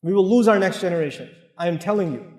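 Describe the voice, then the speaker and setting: A man's voice: high voice, lively intonation, quick pace, a little mellow. A man with an American accent preaching a joking, direct sermon to families. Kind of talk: humorous sermon. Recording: echoey hall with long reverb.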